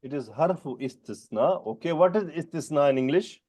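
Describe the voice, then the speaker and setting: A male teacher with non-native English runs a Quran grammar lesson, calling on students by name and quizzing them. He explains terms slowly in a fairly high, animated, mellow voice.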